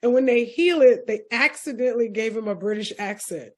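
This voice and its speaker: A woman co-hosting a podcast, telling stories in a lively, casual way and laughing often. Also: fairly high pitch, fairly quick. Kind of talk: casual chat.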